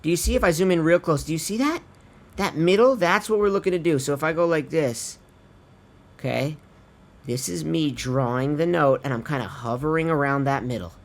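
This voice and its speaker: Speaking fairly quickly in a fairly high, creaky voice, a man teaches vocal tuning in a relaxed screen-recorded tutorial. The producer chats easily, drops casual swears, and addresses viewers as his friends.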